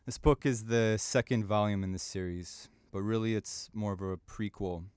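A man from the Chicago area giving a measured, prepared talk on the radio, with occasional fillers and self-corrections. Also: fairly low pitch, steady tone, darkish tone, clean tone, no room sound, clean studio sound. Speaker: radio presenter and publisher.

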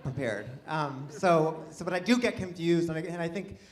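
A man doing a rambling, self-deprecating stand-up comedy set with excited outbursts, before a live audience. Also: a little high, moderate pace, noisy background.

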